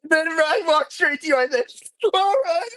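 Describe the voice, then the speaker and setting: A man talking as a guest racer on a casual live stream, telling animated stories and laughing often. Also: extremely high pitch, moderate pace, dry recording.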